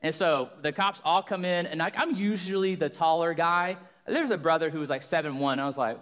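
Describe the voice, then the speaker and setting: A young man preaching as a guest in a church, loud and joking as he tells a long funny story. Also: fairly high pitch, fast, hardly any pauses. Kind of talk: sermon. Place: church hall. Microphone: handheld or stage microphone. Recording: long reverb of a church hall.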